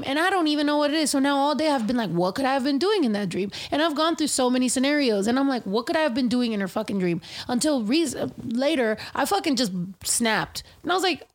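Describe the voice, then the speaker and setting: Female co-host, higher register, animated storyteller with a foul mouth. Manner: animated storyteller, swears freely, acts out quotes. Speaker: podcast co-host. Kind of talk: casual chat.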